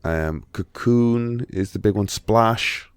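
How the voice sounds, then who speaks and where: Rambling Irish man, lowish voice. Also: takes it slowly, clear, resonant tone, no echo. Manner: rambling, swears casually, frequent restarts. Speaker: podcast co-host. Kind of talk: casual chat.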